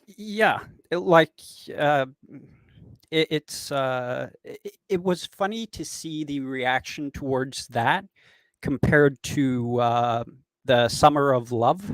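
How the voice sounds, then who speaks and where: A mid-pitched man from Norway talks in casual English with an accent that sounds almost American. He hesitates often, filling gaps with "uh" and restarting his sentences. The recording is dry and close. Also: slow pace, no room sound. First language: Norwegian. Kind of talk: casual chat.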